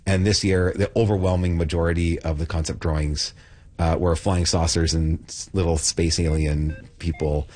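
Deep-voiced arts director, enthusiastic. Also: male voice, level tone, normal speed, a little mellow. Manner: enthusiastic, listing things off. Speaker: artistic director of a community arts center. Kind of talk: interview.

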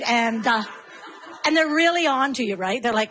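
Middle-aged lady doing stand-up, high voice, jumps into silly character voices, noisy recording. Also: normal speed, pauses often. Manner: animated, acts out her kids and herself in sudden high voices. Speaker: stand-up comedian. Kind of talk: stand-up comedy routine.

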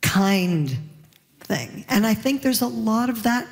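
A middle-aged woman from Canada, a panel guest who tells animated stories and laughs through her words. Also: fairly high pitch, slow, creaky, in a large hall. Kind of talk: casual panel chat.

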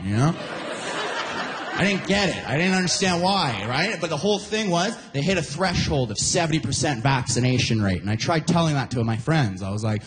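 A young man from Alberta performing a stand-up set, animated and jumping into loud mock voices. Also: on the high side, quick pace, big-room sound, background noise. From Alberta, Canada. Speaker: stand-up comedian. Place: live comedy venue.

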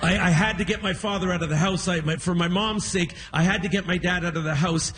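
A man doing a stand-up comedy set on a live stage, an animated storyteller. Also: high voice, quick pace, noisy background. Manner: animated storyteller, acts out quotes. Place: live stage in a music hall.

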